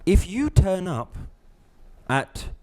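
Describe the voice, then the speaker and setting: A middle-aged man, teaching a live class, lively, acting out little scenes and laughing often. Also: high voice, extremely slow. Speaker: spiritual teacher.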